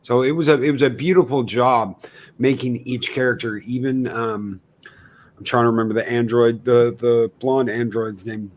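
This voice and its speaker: A man's voice: mid-range voice, fairly even intonation, moderate pace. A man co-hosting a fan podcast, talking earnestly and a bit hesitantly about an episode. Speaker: podcast co-host. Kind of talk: casual podcast chat.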